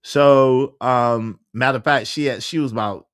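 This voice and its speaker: A man's voice: mid-range voice, a little slow, smooth, no room sound, clean studio sound. A man, casually telling a personal story and acting out what others said, with many restarts. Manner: animated, acts out quoted dialogue, frequent restarts.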